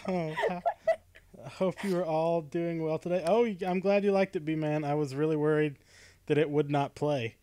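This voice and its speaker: A man's voice: fairly high pitch, steady tone, measured pace, pauses often, mellow, clean tone. Chatty laughing man hosting a stream. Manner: chatty, laughs often, many ums. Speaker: podcast host. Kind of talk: casual livestream chat. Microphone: webcam stream setup.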